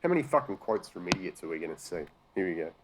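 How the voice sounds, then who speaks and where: Australian male host, low register, profane, sarcastic, exasperated commentary. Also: very animated, quick pace, background noise. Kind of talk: profane rant reacting to news articles.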